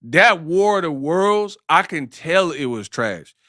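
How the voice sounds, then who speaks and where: A man's voice: a little high, expressive, takes it slowly, bright, forceful tone, dry recording, clean studio sound. A man hosting a live-stream sports talk show. He speaks in slang, jokes, and keeps breaking into impressions. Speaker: host.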